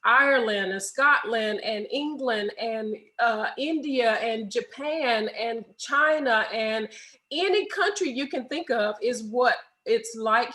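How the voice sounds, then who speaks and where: Guest: woman, middle-aged, bright-pitched, animated, laughs easily. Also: low-quality recording. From United States. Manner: animated storyteller, laughs often. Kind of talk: casual interview chat.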